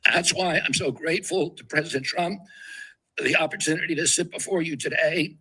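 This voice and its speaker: A man's voice: fairly high pitch, a little fast, bright, forceful tone, breathy edge, low-quality recording. A man giving a formal, earnest prepared statement as a nominee at a hearing.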